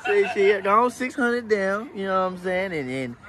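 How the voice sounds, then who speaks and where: A man with a Dallas accent and a high, lively voice tells a story to his friends. He acts out quotes and laughs often, outdoors near motorcycles. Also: moderate pace, crowd noise. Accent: Dallas, Texas. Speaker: vlogger. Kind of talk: casual storytelling chat with friends.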